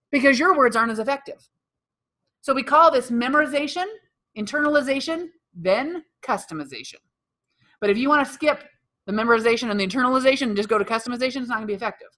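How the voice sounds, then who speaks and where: Upbeat woman workshop coach, bright voice, draws answers from the room and echoes them back. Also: on the high side. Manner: energetic, quizzes the room and repeats answers back. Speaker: real estate sales trainer. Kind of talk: live workshop lesson with audience questions. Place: training room with live audience.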